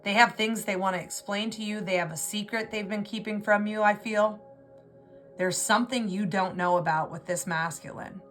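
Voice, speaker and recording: A woman's voice: mid-range voice, fairly even intonation, moderate pace, fairly bright tone, faint music behind. A woman giving an intuitive tarot reading, talking in an emotional, rambling way and often restarting her words. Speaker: tarot reader.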